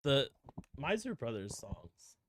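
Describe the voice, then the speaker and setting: A young man co-hosting a podcast, telling a story casually with lots of swearing and quick put-on voices for the characters. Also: medium pitch, a crowd in the background. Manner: animated, profane storytelling, acting out characters in voices. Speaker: podcast co-host. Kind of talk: casual chat.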